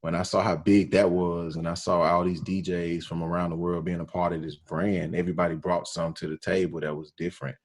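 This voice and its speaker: A radio DJ from Alabama, telling his story in a relaxed interview with slang and quoted dialogue. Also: deep voice, fairly quick, hardly any pauses. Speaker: radio DJ, podcast guest.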